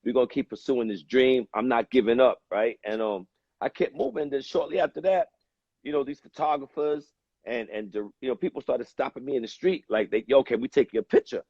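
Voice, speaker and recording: A man from the United States, a guest telling a story in a relaxed, rambling way, with many pauses and fillers. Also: medium pitch, husky, dry recording, highs cut off. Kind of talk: casual storytelling.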